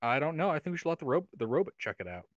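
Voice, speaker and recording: Man, tabletop player, hesitant talk, pitch jumping around, dry sound. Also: sing-song, rapid-fire, no room sound, dull audio. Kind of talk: casual tabletop game chat.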